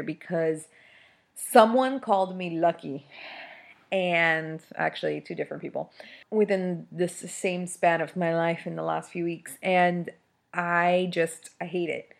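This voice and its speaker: A woman's voice: lowish voice, normal speed, vocal fry. A woman in her thirties hosting a casual solo podcast, venting in a heated way with many fillers and restarts. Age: 30s. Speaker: podcast host.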